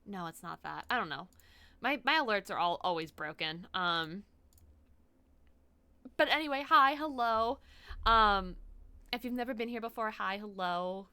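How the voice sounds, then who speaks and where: A woman streaming from home, chatting casually while she plays a game, excitable, laughing often and swearing freely. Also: medium pitch, measured pace, long pauses, clear, resonant tone, no echo. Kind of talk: casual live-stream chat while gaming.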